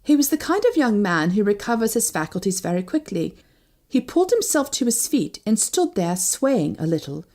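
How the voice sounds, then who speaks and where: A woman narrating a first-person novel as an audiobook, reading expressively. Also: normal speed. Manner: expressive, shifting pitch with each character.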